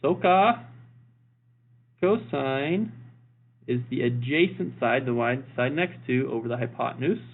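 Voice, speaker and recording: In a recorded lesson, a male math teacher is upbeat and jokey, going over each key point more than once. His mid-range voice has a gravelly, fry-edged texture, and the sound is thin and boxy like a phone line.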